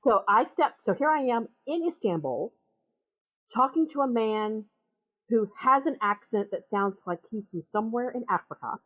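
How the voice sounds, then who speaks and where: Woman with a Minnesota accent, chatty guest, animated anecdote-teller. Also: on the high side, moderate pace. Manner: animated, acts out voices in her anecdotes. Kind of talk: casual storytelling conversation.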